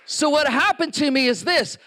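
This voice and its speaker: Man in his 60s, high voice, sermon, chatty, joking asides, preaching live to a congregation. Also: animated, normal speed, sharp tone, a faint crowd. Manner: conversational, joking, with laughs and asides to the audience.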